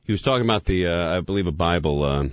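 A man's voice: low-pitched, lively intonation, fast, dry recording. A man hosting a call-in radio game show, casual and jokey, calling the callers dude.

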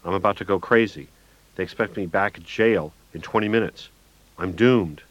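A man voicing an unhinged, drunk and high jailbird who snarls and screeches in manic outbursts, in a dry, dull audiobook recording. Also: normal speed, no echo, close to an everyday voice. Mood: snarling. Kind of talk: audiobook narration.

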